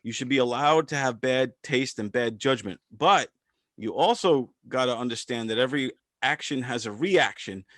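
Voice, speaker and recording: A man's voice: mid-range voice, normal speed, fairly bright tone, dry recording. Dry-sounding chatty male podcast host. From part Filipino descent. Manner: rambling with restarts and stammers. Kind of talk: casual commentary chat.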